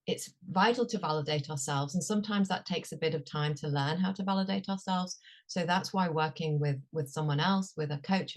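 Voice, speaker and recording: A woman with a notably low voice leads a workshop as a coach. She talks gently and soothingly, often pausing with a soft "um" between thoughts. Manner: gentle, soothing delivery with frequent "um" pauses. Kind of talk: leading a workshop.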